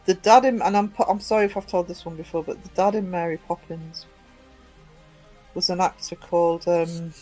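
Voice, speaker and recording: A man's voice: high voice, steady tone, moderate pace, dark tone, soft background music, rough recording. A man chatting casually, telling rambling anecdotes with many fillers and restarts. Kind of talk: casual chat.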